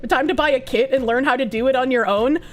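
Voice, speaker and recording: A woman streamer chatting casually, telling an animated story with frequent swearing and laughter. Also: high-pitched, fast.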